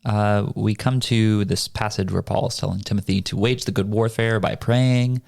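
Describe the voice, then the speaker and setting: Man, church podcast host, low rough voice, casual and unhurried, lots of filler words. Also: steady tone, darkish tone, no room sound, studio quality. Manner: thoughtful, halting with fillers. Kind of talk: casual Bible study chat.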